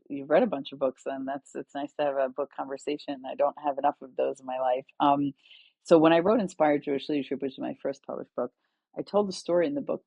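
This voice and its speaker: A woman's voice: sits low, gravelly, slightly rough, no echo, dull audio. A middle-aged woman, a guest author and educator, telling stories in conversation and acting out the dialogue in them. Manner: animated storyteller, acts out quoted dialogue. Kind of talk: conversational storytelling.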